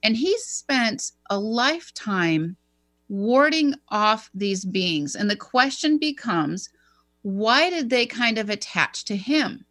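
A woman co-hosting a talk show, telling a personal story in a lively conversational way and acting out the people she quotes. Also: on the high side, takes it slowly, no echo. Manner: animated storyteller, acts out quoted dialogue. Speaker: co-host.

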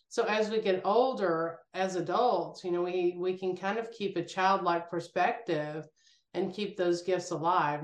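A woman sits for an interview and tells her stories with animated energy, slipping into the voices of the people she quotes. Her voice sits on the low side, and the room gives it a noticeable echo. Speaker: guest. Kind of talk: casual spiritual interview talk.

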